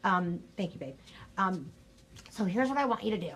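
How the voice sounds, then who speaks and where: Speaking straight to her audience, an older woman who works as a sales coach gives a lively, chatty live coaching session. Her voice sits in the mid-range at a normal speed, with a scratchy throat she keeps needing to clear.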